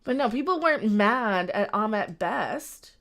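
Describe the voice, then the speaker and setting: A woman's voice: a little high, unhurried. A woman chatting casually on a livestream as co-host, reacting to shows and comments and cooing now and then. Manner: animated, coos in a baby voice at the screen.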